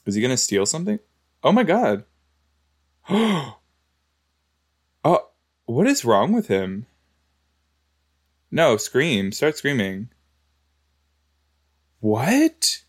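A man's voice: medium pitch, wildly swooping pitch, takes it slowly, pauses often. A man giving casual, exclamatory commentary while reacting to a show, talking back to the screen. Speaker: reaction video host.

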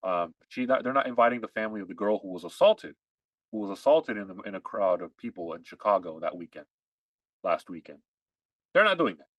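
A man's voice: fairly low pitch, lively intonation, fairly quick, no echo, muffled recording. A man co-hosting a podcast, ranting emphatically in heated political chat and repeating his points. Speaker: podcast co-host.

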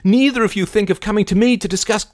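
Man playing an agitated, bitter young gentleman. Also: sits high, quick pace, dry recording, clean studio sound, pitched above the performer's own voice, lightly acted. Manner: anguished, stammering, reproachful.

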